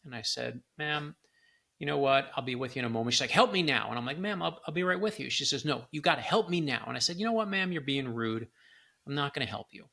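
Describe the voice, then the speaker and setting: Man, middle-aged, author guest, bright tone, gravelly edge, animated storyteller. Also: mid-range voice, fast talker. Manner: animated storyteller, acts out quoted lines. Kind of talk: storytelling in a conversation.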